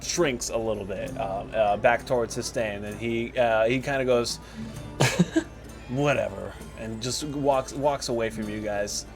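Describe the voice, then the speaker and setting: A man narrating as dungeon master in a tabletop game, lively with many fillers. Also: medium pitch, takes it slowly, music in the background.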